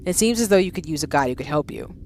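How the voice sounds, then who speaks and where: A woman voicing a mysterious, disembodied guiding voice from a game, speaking in a measured, coaxing manner. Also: low voice, expressive, a little mellow, a little hiss or hum. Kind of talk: reading game dialogue aloud.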